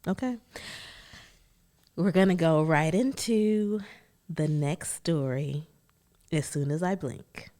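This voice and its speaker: A woman hosting a podcast, telling family stories in a chatty, animated way and acting out quotes from her relatives. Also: sits low, takes it slowly, pauses often. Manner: animated, laughing storyteller who acts out family quotes. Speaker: podcast host. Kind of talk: personal storytelling monologue.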